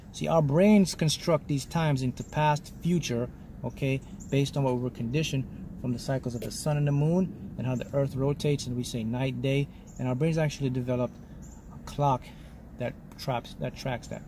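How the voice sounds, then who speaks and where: A man talking as a spiritual mentor, delivering a motivational talk in short, punchy lines. His voice is mellow and warm, and he keeps asking "okay?" as he lectures. A faint hiss of background noise sits under the recording. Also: mid-range voice. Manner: emphatic, repeats "okay?" to check in.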